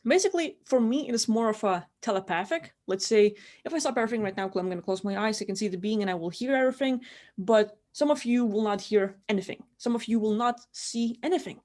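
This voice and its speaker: A woman's voice: mid-range voice, quick pace, darkish tone. A woman giving casual guided spiritual instruction from her room, rambling and filling her talk with "like". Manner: rambling, heavy use of "like". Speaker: spiritual teacher.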